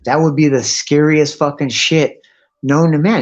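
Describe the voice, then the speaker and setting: A man's voice: a little high, steady tone, unhurried. A man chatting on a live stream, rambling and swearing constantly. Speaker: guest on a live stream chat. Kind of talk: casual rambling chat. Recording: muffled lo-fi stream audio with faint music.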